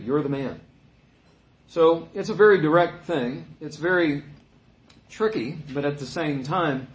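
A man's voice: fairly high pitch, roomy sound, low-quality recording. A man preaching a sermon, reading scripture aloud and explaining it in a conversational teaching manner. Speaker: pastor.

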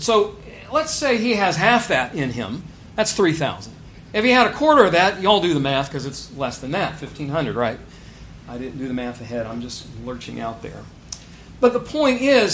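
A pastor preaching a sermon, animated, building to near shouts on key points. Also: male voice, fairly high pitch, slight background noise.

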